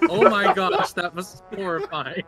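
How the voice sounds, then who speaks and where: A man's voice: high voice, measured pace, over music. A young man hosting a gaming video, chatting and joking with friends during a multiplayer match. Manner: animated, joking, bursts of laughter. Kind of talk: casual multiplayer game chat.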